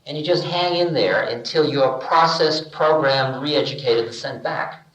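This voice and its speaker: An older man giving a relaxed spiritual talk, telling stories and acting out bits of dialogue with humor, in an archival lecture recording. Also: mid-range voice, measured pace, echoey room, rough recording. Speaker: spiritual teacher.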